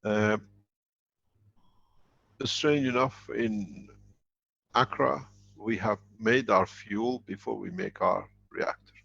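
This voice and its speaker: A man's voice: lowish voice, slow pace, creaky, long pauses, a bit bright, husky, dry recording, highs cut off. A man answering questions in a live online teaching session, explaining at length with emphatic, rambling sentences.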